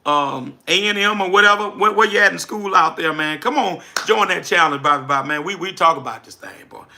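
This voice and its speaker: Bright, lively Louisiana man hosting a livestream. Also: high voice, brisk, creaky. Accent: Southern US, Louisiana. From South Louisiana. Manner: energetic, reads chat names aloud, preacherly repetition. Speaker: livestream host, business coach. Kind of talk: casual livestream chat.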